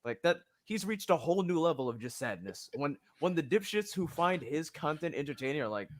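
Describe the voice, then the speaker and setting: A man's voice: on the high side, big pitch swings, brisk. A man co-hosting a stream, ranting and mocking in casual profane chat. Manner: mocking, ranting, swearing a lot. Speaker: stream co-host.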